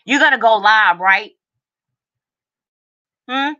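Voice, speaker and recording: A woman's voice: fairly high pitch, slow, bright, forceful tone, lo-fi sound. A middle-aged woman hosting a livestream, ranting in furious, profane confrontation, agitated and overheated, and repeating her lines for emphasis. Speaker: livestream host. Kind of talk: angry livestream rant.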